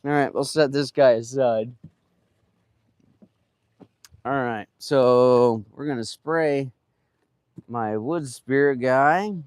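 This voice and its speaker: Man, mid-pitch, laid-back rambling live-stream chatter, dry recording. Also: slow, long pauses, darkish tone, smooth, no echo. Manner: rambling, trails off, lots of fillers. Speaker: chainsaw carver streaming live. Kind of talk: casual live-stream chat while working.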